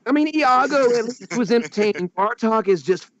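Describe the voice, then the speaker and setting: A man in casual chat, animated and laughing often as he rants. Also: extremely high pitch, moderate pace, highs cut off.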